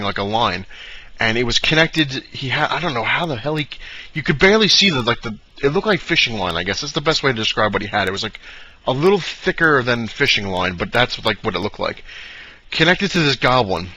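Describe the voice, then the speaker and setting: A man telling a long, rambling story to camera, excitable and full of fillers and restarts. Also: mid-range voice, breathy edge, low-quality recording. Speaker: comic collector vlogger.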